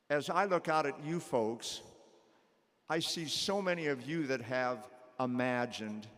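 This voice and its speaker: A middle-aged male teacher giving a commencement speech, telling a story in a measured way with a repeated refrain. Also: mid-range voice, in a large hall. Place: graduation ceremony in a large hall.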